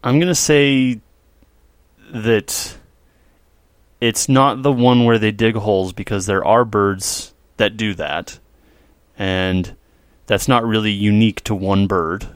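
A man co-hosting a casual podcast. He is playful and tells jokey stories with lively asides. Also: fairly low pitch, slow, long pauses, clean tone, no echo, clean studio sound. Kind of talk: casual chat.

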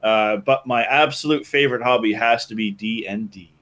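A man in casual group chat, telling a long story in an animated, rambling way with restarts. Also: on the low side, normal speed. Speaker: guest.

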